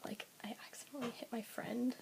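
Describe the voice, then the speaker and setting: A woman vlogger talking casually to her viewers, rambling with many fillers and often slipping into a breathy half-whisper. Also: a little high, fairly even intonation, brisk, poor audio. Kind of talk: casual talk to camera. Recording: clear background hiss with clicks.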